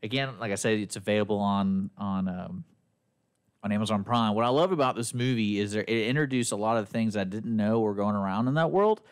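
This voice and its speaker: A man's voice: lowish voice, brisk, clear, resonant tone. Middle-aged man telling a movie story. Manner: animated storytelling with acted-out quotes. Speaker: podcast host reviewing movies. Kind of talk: casual chat.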